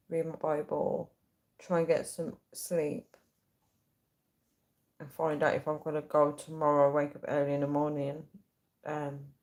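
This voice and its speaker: A woman's voice: low-pitched, darkish tone. A woman on a casual livestream, chatting, giggling and reading viewers' comments aloud. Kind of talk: casual live-stream chat. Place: at home late at night.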